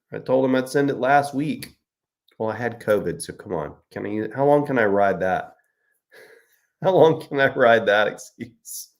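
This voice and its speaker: A man's voice: mid-range voice, gravelly. A middle-aged man hosting a casual live-stream chat, joking and answering viewer comments. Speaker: host.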